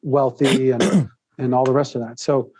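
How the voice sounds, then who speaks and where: A man guest on a podcast, telling a long personal story in a rambling, animated way, laughing often and restarting his sentences. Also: mid-range voice, moderate pace, background noise. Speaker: podcast guest, author and speaker. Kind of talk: casual interview storytelling.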